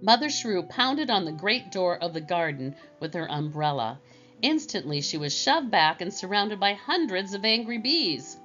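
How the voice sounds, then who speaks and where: Woman, storybook narration, slow gentle reading, mid pitch, lo-fi sound. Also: big pitch swings, faint music behind.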